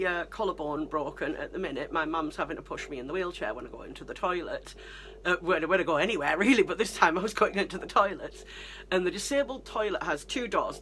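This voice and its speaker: A woman's voice: lowish voice, a bit bright, a little hiss or hum. A woman with a British accent, chatting and telling stories to camera in a rambling, self-deprecating way. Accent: British English. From Britain. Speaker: vlogger. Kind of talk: casual storytelling to camera.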